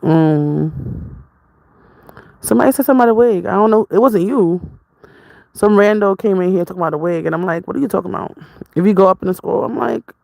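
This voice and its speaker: A woman's voice: medium pitch, fairly quick, vocal fry, pauses often, darkish tone, dry recording, rough recording. A woman vlogger in casual, rambling chat with her viewers, jumping from topic to topic. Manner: jumps from topic to topic, chatty, laughs often.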